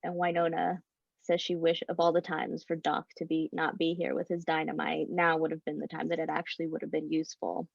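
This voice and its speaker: A woman improvises a spooky story for a panel, casual and lively. Her voice is slightly low and gravelly. The recording is dull and lo-fi. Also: fairly quick, no room sound. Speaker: convention panelist.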